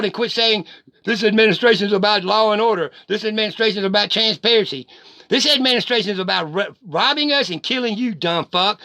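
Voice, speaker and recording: A man's voice: high voice, bright, forceful tone, no room sound. A middle-aged man, delivering a heated, profane rant straight at the camera. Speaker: vlogger. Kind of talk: angry direct-to-camera rant.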